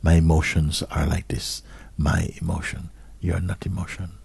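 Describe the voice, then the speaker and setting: This spiritual teacher gives a slow, inquiring talk to an audience, returning to short phrases and sometimes lowering to almost a whisper. His voice sits low and is level in tone, creaky, husky and a little mellow.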